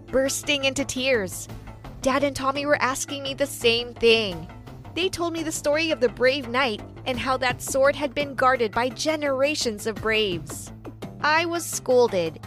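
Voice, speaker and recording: A woman narrates an animated first-person story with dramatic storybook flair. Her voice sits high. Faint music plays beneath her.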